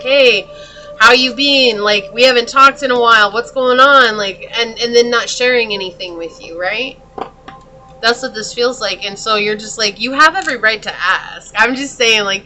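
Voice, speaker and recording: Woman, tarot reader, casual and chatty, talks to the viewer, very bright tone. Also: on the high side, slight background noise, low-quality recording. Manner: chatty, talks straight to the viewer, laughs often. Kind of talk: casual tarot reading monologue.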